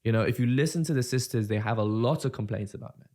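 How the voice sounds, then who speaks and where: A man's voice: medium pitch, quick pace, mellow. British man in banter-filled chat. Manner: bantering, says "mate" often. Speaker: podcast co-host. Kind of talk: casual podcast chat.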